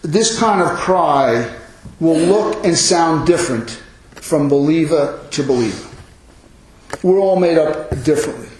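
A man preaching a sermon as pastor, impassioned, rising into loud cries on quoted lines. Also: on the high side, animated, a little slow, slight background noise. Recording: very echoey hall.

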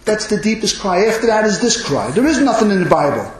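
A man preaching a sermon as pastor, impassioned, rising into loud cries on quoted lines. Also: high voice, big pitch swings, a little fast. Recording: very echoey hall.

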